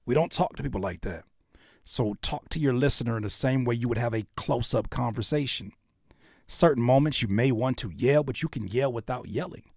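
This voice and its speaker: A man's voice: mid-range voice, brisk, creaky, a little mellow, no echo, studio quality. A man hosting a livestream, giving blunt, coaching critiques of submitted songs. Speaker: music reviewer and livestream host.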